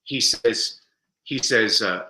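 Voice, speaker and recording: Bright, animated male storyteller. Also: on the low side, slow pace, roomy sound, slight background noise, poor audio. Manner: animated storyteller, acts out quotes. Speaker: guest speaker. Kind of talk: podcast interview.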